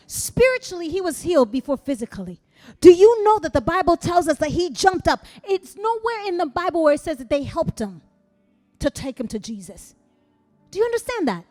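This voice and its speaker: Woman pastor, high and animated, preaching in a church hall with rising shouts. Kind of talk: sermon.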